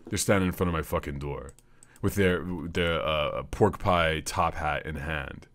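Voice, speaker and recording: A man's voice: very deep voice, a little slow, a bit bright. A man hosting a comedy podcast, rambling through a profane, jokey monologue. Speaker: podcast host.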